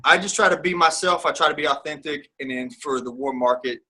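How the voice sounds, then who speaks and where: Man, bright forceful tone, husky edge, casual rambling interview talk. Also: on the high side, a little fast. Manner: rambling and candid, many fillers and restarts. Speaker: guest.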